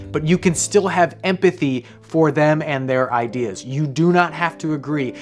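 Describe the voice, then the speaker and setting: A man hosting a casual explainer monologue, talking loosely, wandering into side stories and swearing offhand. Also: fairly high pitch. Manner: rambling, conversational, off-hand swearing. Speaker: host, comedian.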